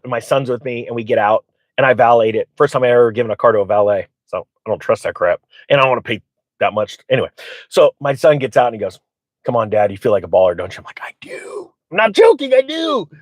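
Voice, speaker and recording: A man's voice: medium pitch, no echo. Dry, close-miked man telling rambling stories. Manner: rambling, animated retelling with quoted voices and frequent fillers. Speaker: channel host. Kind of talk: casual storytelling to viewers.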